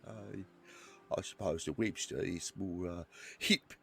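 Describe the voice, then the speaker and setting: A man with a low, gravelly, unhurried voice that sounds pushed and bright plays an eager trainee deputy in an online roleplay, talking in character. He is polite and deferential, stammers, and calls others sir. There's a slight hiss or hum on the recording.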